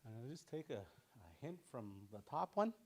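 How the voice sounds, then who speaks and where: Joking man teaching a language class. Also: mid-range voice. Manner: relaxed, joking, repeats words slowly for practice. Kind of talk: casual online language lesson.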